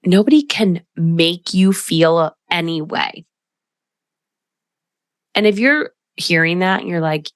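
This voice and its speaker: A middle-aged woman coaches listeners on her own solo podcast in a slightly low voice, speaking directly and emphatically and slipping into quoted voices. She talks slowly and pauses often. The audio is dry and close-miked.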